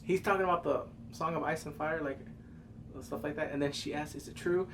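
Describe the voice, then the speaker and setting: A man recapping a TV episode with animated, profane energy, his voice sitting a touch high for a man. He leaps into loud exclamations and quick mimicked asides. A faint ambient hum sits behind him. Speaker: TV episode reviewer. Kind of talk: excited casual recap commentary.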